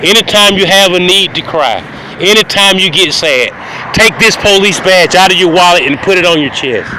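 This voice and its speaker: A man's voice: high voice, animated, normal speed, pushed and bright, a little hiss or hum, pitched above the performer's own voice, heavily acted, rough recording. A man voicing a fed-up male police chief who scolds bluntly and impatiently. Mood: firm. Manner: barking, exasperated scolding.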